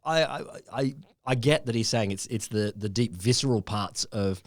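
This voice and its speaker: A man's voice: on the low side, normal speed, no echo. An Australian man co-hosting a casual science podcast, jumping in playfully with stammering restarts. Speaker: podcast co-host.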